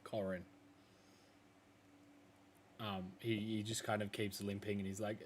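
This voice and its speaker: A man's voice: on the low side, flat delivery, measured pace, pauses often, slight background noise. A man narrating as game master, describing scenes loosely with lots of fillers.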